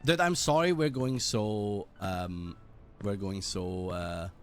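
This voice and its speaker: A British man streaming a game, chatting casually in a rambling, sweary, animated way. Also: on the low side, takes it slowly, soft background music. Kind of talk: casual gaming stream chat.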